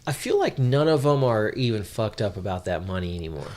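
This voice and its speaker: A man's voice: fairly low pitch, very animated, brisk, darkish tone. A man co-hosting a podcast, retelling a manga chapter in loose, casual chat with plenty of ums and uhs. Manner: swears casually. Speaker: podcast co-host.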